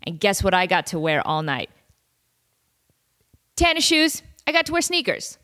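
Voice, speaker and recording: Woman, 30s, podcast host, casual comic monologue, animated, jokey, studio mic, mid pitch. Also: moderate pace. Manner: animated, jokey storytelling with laughs and mock quotes.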